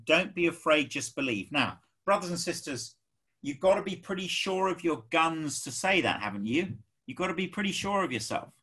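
A man with an English accent preaching a sermon, emphatic and animated, acting out the people he quotes. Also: fairly high pitch, slightly rough.

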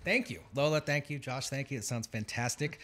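A man's voice: mid-range voice, fairly quick, fairly bright tone. A man from San Francisco hosting a music session in a house, chatting casually with many ums and uhs. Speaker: session host and interviewer. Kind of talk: casual interview chat. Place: a house in Nashville.

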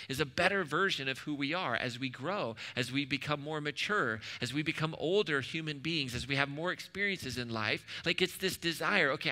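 A man's voice: fairly high pitch, sharp tone, in a large hall. A man preaching a sermon at a church in a conversational way, asking the room questions and adding joking asides. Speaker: pastor. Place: church hall.

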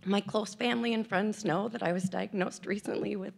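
A woman's voice: medium pitch, steady tone, a little fast, gravelly. A woman in her fifties giving candid, self-deprecating personal remarks at an event, tearful and emotional at times. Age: 50s. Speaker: speaker at an event.

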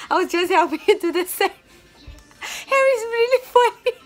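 A young woman at home chatting in a casual daily vlog, excitable and talking straight to her viewers. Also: very high voice, unhurried, faint music behind. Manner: chatty and excitable, often says "you guys" to viewers. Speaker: vlogger, stay-at-home mom.

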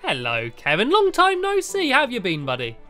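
A man hosts a game video in a high, bright voice. He is playful and giggly, and his pitch swoops widely from line to line. Faint game music plays underneath. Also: wildly swooping pitch, brisk. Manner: giggly and playful, keeps breaking into laughter. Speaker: host. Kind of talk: Let's Play commentary.

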